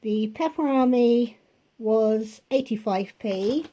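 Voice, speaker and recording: Chatty woman with a mellow voice. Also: a little high, slow pace, muffled recording. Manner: rambling, with chatty asides. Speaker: vlogger showing a grocery haul. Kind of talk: casual chatty haul video. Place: home kitchen.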